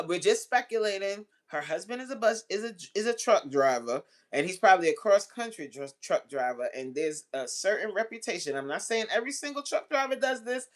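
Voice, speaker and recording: A woman hosting a casual livestream chat, answering messages bluntly and profanely, laughing often and acting out the voices in her stories. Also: medium pitch. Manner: acts out quoted voices while telling stories.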